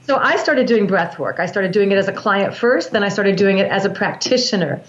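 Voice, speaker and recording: A woman's voice: mid-range voice, animated, brisk. A woman guest on an interview show, a breath work practitioner explaining her practice in an earnest, teaching manner with frequent restarts. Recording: roomy, dull lo-fi sound.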